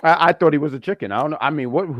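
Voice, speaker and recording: A man's voice: fairly high pitch, fast, fairly bright tone, no room sound. A man co-hosting a wrestling review show, joking and rambling in casual chat.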